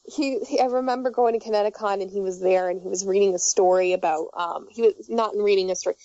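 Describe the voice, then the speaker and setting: A woman's voice: mid-range voice, fairly even intonation, quick pace, mellow, no room sound. A young woman chatting casually, telling rambling, giggly stories full of fillers and restarts. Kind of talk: casual chat. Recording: dull muffled audio.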